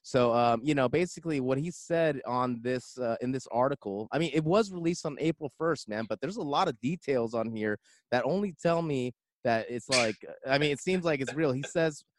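A man's voice: medium pitch, normal speed, no room sound. Laid-back man hosting a podcast, dry sound. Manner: laid-back, says "man" and "basically" a lot. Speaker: podcast host. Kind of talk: casual chat. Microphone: video call.

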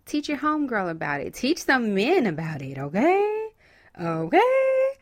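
A woman's voice: mid-range voice, big pitch swings, fairly quick. A woman hosting a podcast and giving a casual, encouraging motivational talk, using with bursts of whoops and laughter. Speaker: podcast host.

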